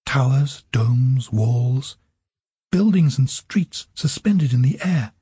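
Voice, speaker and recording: A man narrating an audiobook in an even storytelling manner. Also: medium pitch, takes it slowly, breathy edge, dry recording.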